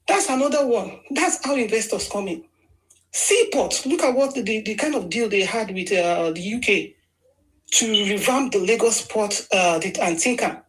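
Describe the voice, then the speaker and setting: A woman's voice: a little high, poor audio. A woman with a Nigerian accent, giving an emphatic, argumentative political monologue in a casual style with frequent restarts. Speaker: political commentator.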